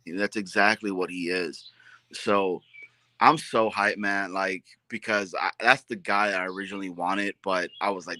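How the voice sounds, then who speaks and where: A man's voice: low-pitched, a little slow, sharp tone, no echo. A man co-hosting a casual sports chat, hyped and rambling, calling people bro and dude.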